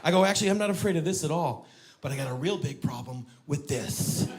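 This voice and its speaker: A man's voice: on the high side, fast. A man doing stand-up on a club stage, acting out conversations with his friend. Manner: animated, acts out both sides of conversations. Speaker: stand-up comedian. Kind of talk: stand-up comedy.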